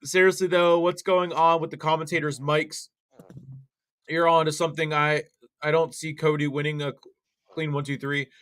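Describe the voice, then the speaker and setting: A man's voice: fairly high pitch, flat delivery, normal speed, a bit bright. A young man co-hosting a wrestling watch-along stream, rambling through live commentary with many fillers and restarts.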